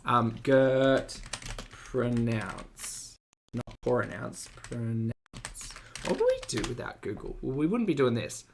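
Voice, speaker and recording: A man's voice: medium pitch, sing-song, measured pace, vocal fry, slight background noise. An Australian man chatting casually on a live stream, playful and joking as he reacts to videos and reads viewer messages.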